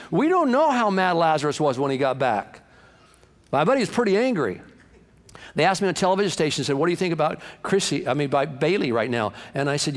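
A man preaching a sermon as pastor, impassioned, swinging between hushed and loud passages. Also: fairly high pitch, big pitch swings, moderate pace. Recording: long hall reverb.

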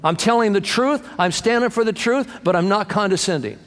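A high-voiced male pastor preaching with animated energy, swinging from booming lines to hushed asides and acting out the people he quotes. His voice rings with the long echo of a large hall. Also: brisk. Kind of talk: sermon.

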